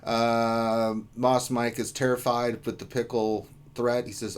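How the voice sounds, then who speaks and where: A man co-hosting a gaming livestream, energetic and joking as he reads out viewer chat and rallies support. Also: mid-range voice, takes it slowly, smooth. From Houston area, USA. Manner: energetic, jokey, hyping up viewers. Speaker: livestream co-host reading chat.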